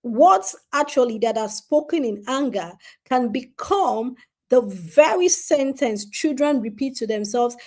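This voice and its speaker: A woman gives an earnest talk on parenting, addressing parents directly and repeating key points for emphasis. Her voice is high-pitched and a little mellow.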